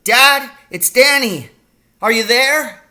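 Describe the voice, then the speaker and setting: A man voicing a frightened young boy who calls out and pleads in a high voice in a storybook reading. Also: slow, pushed and bright, heavily acted. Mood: shouting urgently. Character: frightened young boy searching the dark woods.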